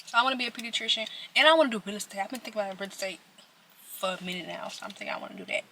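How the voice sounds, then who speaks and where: A woman's voice: medium pitch, rapid-fire. A young adult woman telling a chatty story to her viewers while eating, talking straight to the audience. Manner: chatty, animated, addresses viewers directly. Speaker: vlogger.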